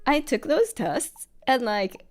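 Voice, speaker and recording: A woman's voice: sits high, sing-song, takes it slowly. A young American woman chatting casually on a live stream while she draws, rambling and giggling with lots of fillers.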